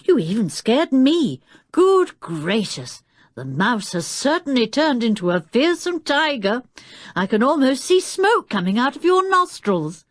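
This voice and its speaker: A woman's voice: a little high, very animated, measured pace, no room sound, clean studio sound, voice pushed up. A woman voicing a cheerful, protective older schoolboy brother, speaking in a hearty, teasing way in a storybook reading.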